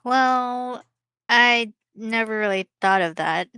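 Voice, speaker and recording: A woman chatting calmly and thoughtfully with her co-host in a casual conversation. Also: fairly high pitch, takes it slowly, clean tone, no room sound. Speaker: co-host of an art stream. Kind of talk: casual chat.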